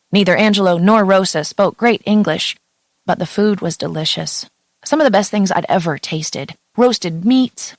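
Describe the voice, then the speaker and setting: A woman reading a first-person romance audiobook in a steady, intimate storytelling voice. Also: on the low side, no room sound. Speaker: audiobook narrator.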